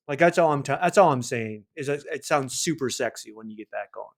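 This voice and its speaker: A man's voice: medium pitch, fairly quick, few pauses. A man hosting a podcast in loose, casual chat. He teases his guest, jokes around and laughs often. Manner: playful, teasing, laughs often. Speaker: podcast host.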